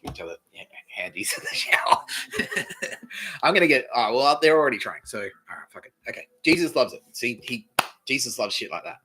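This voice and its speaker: A man's voice: medium pitch, big pitch swings, a little fast, sharp tone, poor audio. A man with an Australian accent hosting a comedy podcast, rambling through a crude, swearing, giggly monologue. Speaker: podcast host.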